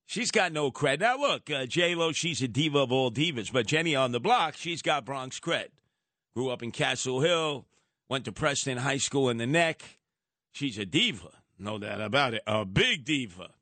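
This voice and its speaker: A man's voice: medium pitch, expressive, moderate pace, sharp tone, no room sound. A man hosting a talk radio show, delivering a combative, mocking monologue. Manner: sarcastic, mocking, emphatic with nicknames. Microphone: studio microphone.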